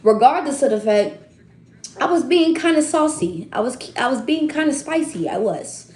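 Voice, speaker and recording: A woman in her twenties telling a story casually to her viewers, animated and slangy, swinging between loud outbursts and hushed asides. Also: sits high, normal speed, echoey room. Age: 20s. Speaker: tarot reader and streamer.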